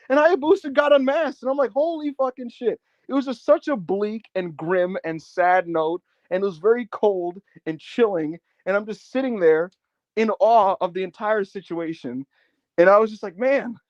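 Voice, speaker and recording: A man's voice: high voice, darkish tone, no echo, dull audio. A man co-hosting a casual podcast, telling a wrestling story with feeling, swearing and acting out the quotes. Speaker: podcast co-host.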